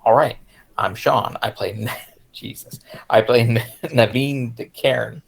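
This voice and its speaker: A man's voice: mid-range voice, a little slow, vocal fry, slight background noise. A man introducing himself as a tabletop player, scattered and joking with mock gloom. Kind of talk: casual chat over an online call.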